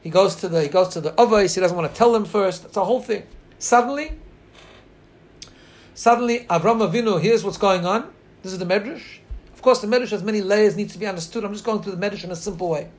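A man teaches a Midrash passage. He reads Hebrew phrases slowly and translates each one into in an earnest, measured way. His delivery is steady and serious, like a class lesson. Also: high voice. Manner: earnest, mixes Hebrew readings with English translation; slows and lifts his voice when reading lines. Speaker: Torah teacher.

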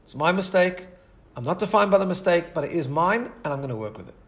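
Speaking quickly and with animation, this male Torah teacher has a fairly bright, slightly higher-than-usual voice. His sermon unfolds as a lengthy, sincere story, punctuated by frequent restarts and repeated words.

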